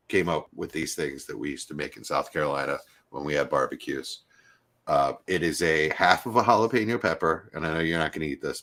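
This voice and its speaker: Low-voiced middle-aged man telling stories. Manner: animated storyteller, mimics accents in passing. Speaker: podcast co-host. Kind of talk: casual chat.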